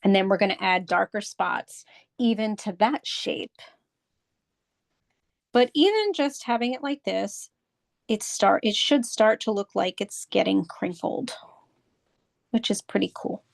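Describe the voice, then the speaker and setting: A woman's voice: medium pitch, animated, measured pace, creaky, pauses often, dry recording, clean studio sound. A woman art instructor leading a step-by-step drawing lesson, patiently walking through and repeating each step. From United States.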